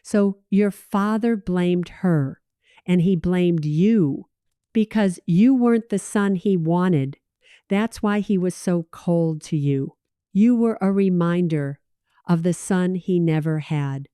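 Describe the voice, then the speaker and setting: Woman voicing a gentle, remorseful aunt. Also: on the low side, takes it slowly, clean tone, dry recording, studio quality. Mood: somber. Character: remorseful older aunt confiding family secrets.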